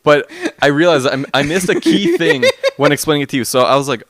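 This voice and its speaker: Man, bouncy expressive pitch, slightly high, dry close mic, laughing storyteller. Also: brisk, dry recording. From Canada. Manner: animated, laughing, mimics sounds. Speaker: stream co-host. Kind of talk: casual storytelling chat.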